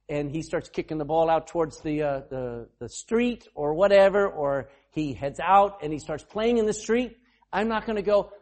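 A man preaching a sermon, calling on members to read and questioning the congregation, sometimes bursting into a shout. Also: on the high side. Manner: calls on readers and questions the congregation. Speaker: pastor.

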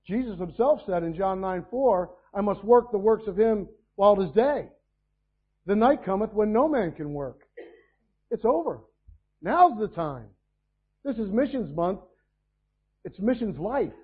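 A man preaching a sermon, telling stories and then rising in loud bursts of emphasis. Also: high voice, slightly rough, narrow, tinny audio. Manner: preaching with sudden loud climbs.

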